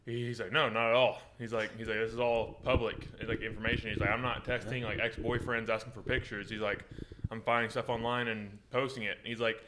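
A man's voice: lowish voice, flat delivery, brisk, noisy background. A man co-hosting a podcast, retelling stories in casual chat, full of "like" and "he's like.".

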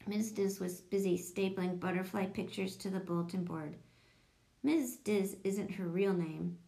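A woman reads a children's storybook aloud with lively storytelling energy. Her voice sits at a middle pitch with a touch of gravelly fry. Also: a little slow. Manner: lively storytelling, voicing children in higher tones. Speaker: audiobook narrator. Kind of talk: children's audiobook narration.

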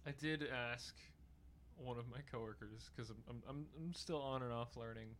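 A man's voice: mid-range voice, moderate pace, fairly bright tone, slight background noise. A young man in casual chat, joking around in a goofy way and laughing often.

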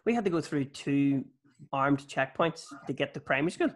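A man hosting an interview, joking and telling animated stories. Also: medium pitch, moderate pace. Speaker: podcast host. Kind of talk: casual interview chat.

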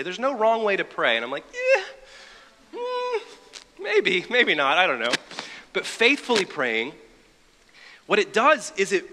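A man's voice: on the high side, sharp tone. A man preaching a sermon in a conversational way, with wry asides. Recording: long reverb of a large hall.

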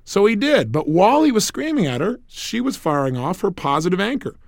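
A man's voice: high voice, very animated, brisk, gravelly, no room sound, clean studio sound. A man giving a recorded self-help lecture as a motivational speaker, emphatic and repetitive, telling stories.

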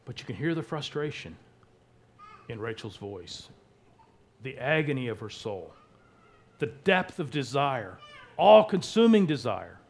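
A man's voice: medium pitch, very animated, a little slow, long pauses. Emphatic male preacher. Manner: emphatic, with wide swings in loudness. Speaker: pastor. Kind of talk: sermon.

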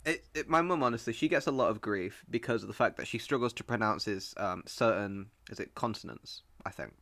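A young man from Rochdale, a joking, teasing podcast co-host who enunciates clearly in casual chat. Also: fairly low pitch, fairly quick, a bit bright, dry recording. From Rochdale, England.

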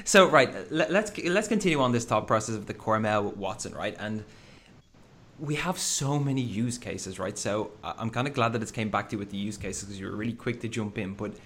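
Low-voiced man host, asking "right?". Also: lively intonation, fairly quick, a bit bright, slight background noise. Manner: questioning, often ends with "right?". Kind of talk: conversational interviewing.

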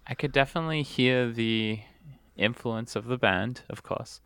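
A man's voice: medium pitch, normal speed, a bit bright, clear, resonant tone, dry recording. A man chatting casually as a podcast co-host, with a dry, teasing sense of humor. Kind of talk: casual chat.

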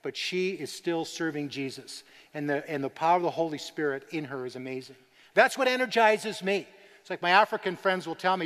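A high-voiced Canadian man preaches in a large church, his words trailing off into a long hall reverb. He tells stories earnestly, then rises to emphatic declarations. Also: fairly quick, a bit bright. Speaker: guest speaker on persecuted church. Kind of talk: sermon.

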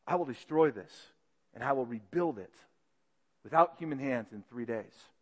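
Sly conspiring witnesses, as a preacher voices them, low and hushed as they lay out their charge. A long echo hangs around the voice, as in a big hall. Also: male voice, expressive, normal speed, natural voice.

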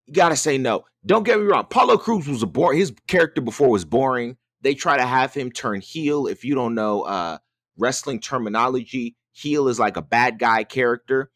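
A man co-hosting a podcast, venting in animated, exasperated bursts that trip over repeated words. His voice sits at an ordinary middle pitch. The sound is close and dry, with no room echo. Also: normal speed. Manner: animated, exasperated ranting with many restarts. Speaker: podcast co-host. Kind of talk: casual chat.

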